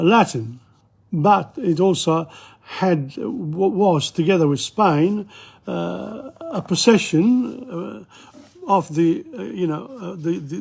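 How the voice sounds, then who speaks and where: An older man leads a relaxed language lesson in a husky, slightly high voice. He speaks slowly and haltingly, filling pauses and restarting his sentences, and repeats example words one by one. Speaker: language teacher. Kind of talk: casual spoken lesson.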